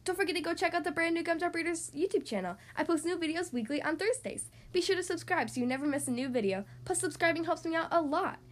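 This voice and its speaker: Brief: high-voiced woman host reading picture books, very lively and expressive. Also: quick pace, few pauses. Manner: warm storytelling, expressive. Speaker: children's story podcast host. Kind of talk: reading a picture book aloud.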